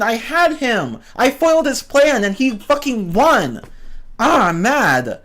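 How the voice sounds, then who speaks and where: A man's voice: very high voice, big pitch swings, measured pace, fairly bright tone. A man giving a casual, exasperated rant, swearing often and stumbling over his words as he restarts sentences. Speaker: streamer ranting about online games.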